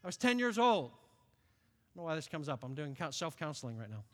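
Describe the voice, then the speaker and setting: A man in his late fifties from upstate New York, preaching a sermon in an animated storytelling way. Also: fairly high pitch, fast talker, a little hiss or hum. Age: late 50s. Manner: animated storytelling, acts out quoted voices. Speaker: pastor. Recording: long reverb of a large hall.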